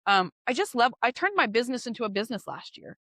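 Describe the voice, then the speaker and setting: A woman's voice: a little high, very animated, quick pace, sharp tone, dry recording. A woman real estate agent chatting as an interview guest, candid and driven, laughing easily as she talks. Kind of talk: casual interview chat.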